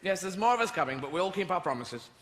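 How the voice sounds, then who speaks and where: A man's voice: sits high, sing-song, quick pace. A man doing a smug, prim settler. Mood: falsely polite. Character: smug, brusque early male settler. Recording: long hall reverb, loud audience noise.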